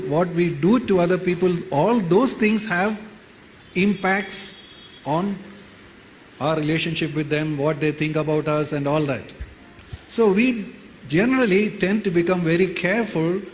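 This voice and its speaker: A man with an Indian English accent preaches in a plain, conversational way, repeating his key phrases. His voice sits a little high for a man. It rings with a long reverb in the church hall, with a faint hiss underneath. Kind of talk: sermon.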